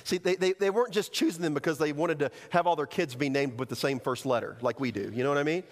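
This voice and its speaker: A man preaching a sermon as pastor, animated, acting out quoted excuses and speeches in a large church. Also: a little high, fast. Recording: long hall reverb.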